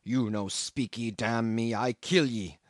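Guy doing a gruff tattooed harpooneer, guttural broken english, dry close sound. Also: mid-range voice, unhurried, no room sound, close to an everyday voice. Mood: menacing. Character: gruff tattooed male harpooneer, threatening then gentle.

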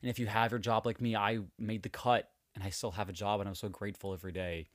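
A man's voice: fairly low pitch, flat delivery, quick pace, dry recording, clean studio sound. Candid swearing man hosting a podcast. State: emotional. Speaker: podcast host. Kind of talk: casual podcast chat.

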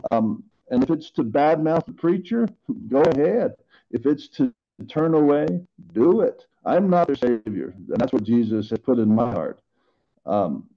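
A man's voice: medium pitch, highs cut off. A middle-aged man in earnest, rambling casual talk about faith as a podcast co-host.

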